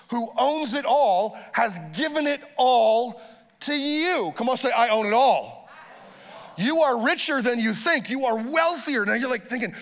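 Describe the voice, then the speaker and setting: A pastor delivering a lively sermon, urging the congregation to repeat phrases after him. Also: male voice, extremely high pitch, long reverb tail.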